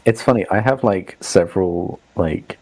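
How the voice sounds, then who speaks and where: Deep-voiced man chatting casually. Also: normal speed. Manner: relaxed, reads from his notes. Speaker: podcast co-host and player. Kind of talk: casual chat.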